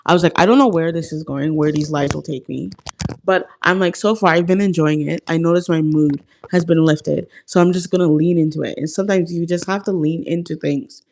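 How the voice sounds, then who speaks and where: A woman talks straight to her viewers in a loose, rambling heart-to-heart, circling back and restarting as she goes. Her voice carries a steady creaky fry. She sounds earnest and confiding, calling her audience "guys" as if they were close friends. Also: deep voice, brisk, a little hiss or hum. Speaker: host of a self-help live stream. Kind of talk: casual heart-to-heart talk to viewers.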